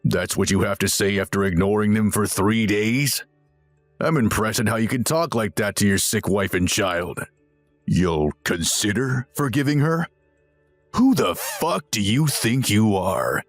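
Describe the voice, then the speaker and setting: A man's voice: fairly low pitch, lively intonation, unhurried, no room sound, faint music behind. A man voicing a stern, disapproving older father who rebukes firmly in a dramatized text-message story. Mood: contemptuous.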